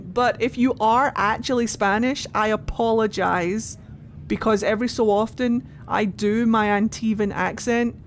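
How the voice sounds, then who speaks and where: A woman's voice: mid-range voice, slight background noise. A young Scottish woman streaming a game, chatting casually and animatedly, laughing often and swearing now and then. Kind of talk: casual gameplay commentary.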